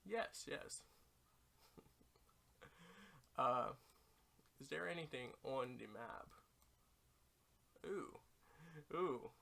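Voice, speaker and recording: A man's voice: mid-range voice, expressive, extremely slow, vocal fry, long pauses, sharp tone. A young man giving goofy, chatty commentary while streaming a mobile game, laughing often. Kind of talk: casual gaming commentary.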